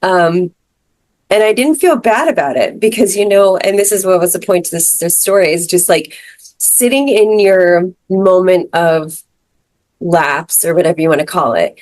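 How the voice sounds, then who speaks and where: A woman's voice: fairly low pitch, moderate pace, darkish tone, no echo. A woman co-hosting a podcast, telling a personal story in a casual, rambling way with lots of fillers and restarts. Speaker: podcast co-host. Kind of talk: casual chat.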